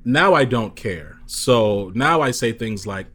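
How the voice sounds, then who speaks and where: A man's voice: mid-range voice, slow pace. Emphatic man on a video call. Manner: emphatic, animated storyteller. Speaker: guest speaker. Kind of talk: conversational interview answer.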